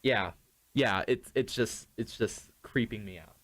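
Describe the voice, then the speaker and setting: A young man hosting a casual music podcast, talking in a relaxed, hesitant way with frequent restarts. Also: fairly low pitch, a little slow. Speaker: podcast host. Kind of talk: casual chat.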